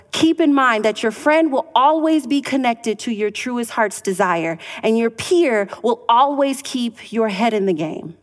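Higher-voiced woman in an echoing hall. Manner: animated storytelling, acting out dialogue. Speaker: inspirational speaker. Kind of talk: motivational stage talk. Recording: reverberant hall.

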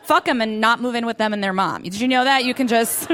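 A woman's voice: on the high side, fast talker, fairly bright tone. A woman in her thirties doing a self-deprecating stand-up set on a club stage, often laughing through her lines. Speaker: stand-up comedian.

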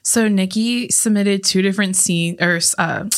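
A young woman co-hosting a podcast, reading out quotes sent in by listeners. She talks casually at a middling pitch and giggles often between lines. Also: measured pace. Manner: giggly, reads quotes aloud. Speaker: podcast co-host.

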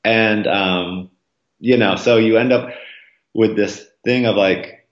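A man's voice: fairly even intonation, slow pace. A man talking as a podcast guest, rambling casually with lots of ums and likes, acting out quoted voices. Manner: acts out quoted voices with jumps in pitch. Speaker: podcast guest, marathon runner. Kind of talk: casual interview conversation. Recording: roomy, slightly dull sound.

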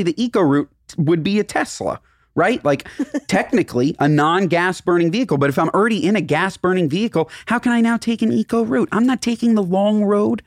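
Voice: medium pitch, fairly quick, no room sound, clean studio sound. A podcast co-host, here as a guest, ranting in casual chat with incredulous, profane outbursts.

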